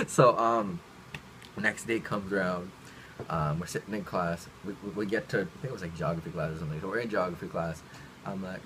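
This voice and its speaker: A Canadian man, a vlogger, telling a childhood story in a lively way and laughing between lines. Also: mid-range voice, moderate pace, a little hiss or hum, low-quality recording. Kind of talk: storytime vlog.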